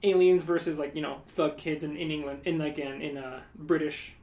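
A man's voice: fairly high pitch, steady tone, normal speed, darkish tone. Rambling man co-hosting a podcast. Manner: rambling, with joking asides. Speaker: podcast co-host. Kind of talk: casual chat.

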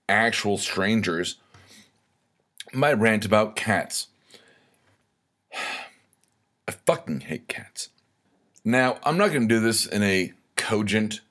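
A man delivers a comedic rant at an unhurried, drawn-out pace. His voice sits on the low side, and he swears freely and leans into sarcasm as he wanders from point to point. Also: fairly bright tone. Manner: profane, sarcastic, rambling. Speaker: host of a weekly rant segment.

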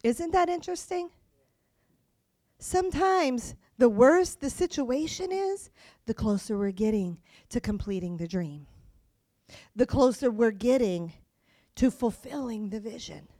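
A woman preaching a sermon. She is animated, acts out voices, and swings between soft and loud. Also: on the high side, unhurried, dry recording, clean studio sound.

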